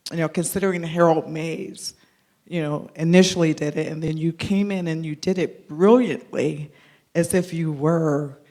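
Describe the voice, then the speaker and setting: A man in the audience asking an earnest, halting question of the actor. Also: on the high side, a little mellow.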